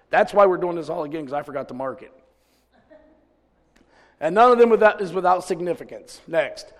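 A man preaching a sermon to a congregation, telling folksy stories and swinging from loud exclamations to quiet asides. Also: a little high, normal speed, long pauses, big-room sound. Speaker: pastor. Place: church service.

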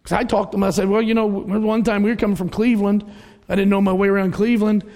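In a reverberant hall, a middle-aged man gives a conversational sermon, narrating ordinary stories and acting out the characters' voices. His voice is high, level and a little mellow, and he talks fast.

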